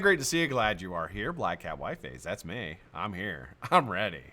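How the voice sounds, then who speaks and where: Animated, bright-voiced American man host. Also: deep voice, moderate pace, few pauses. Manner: animated, greets viewers by name, swears and laughs often. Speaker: live-stream host. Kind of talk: casual live-stream chat.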